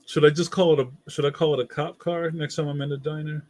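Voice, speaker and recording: A man's voice: fairly high pitch, fairly even intonation, fast, a little mellow. A man hosting a casual livestream, reading viewer comments aloud in a playful, slangy way and laughing often. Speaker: livestream host.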